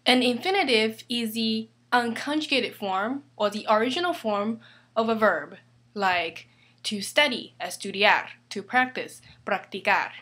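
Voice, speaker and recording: A woman teaching an online language lesson, patient and repeating each example slowly. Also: fairly high pitch, expressive, a bit bright. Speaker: Spanish teacher.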